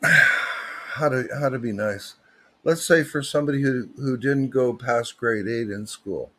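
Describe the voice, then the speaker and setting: A man's voice: mid-range voice, unhurried, pushed and bright. A man, hosting a livestream with rambling, joking, digressive chat. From Canada. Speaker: livestream host.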